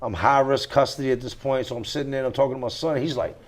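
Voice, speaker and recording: A man speaking as a guest on a podcast, with a voice of ordinary middle pitch. He tells his story candidly and forcefully, repeats his key phrases for weight and swears freely. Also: fast talker.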